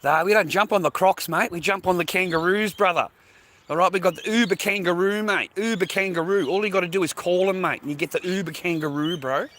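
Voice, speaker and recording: A man's voice: sits high, brisk, a bit bright. A middle-aged Australian man rambling in a casual, profane monologue to camera outdoors by the water. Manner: profane, rambling, slangy, repeats himself. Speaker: vlogger.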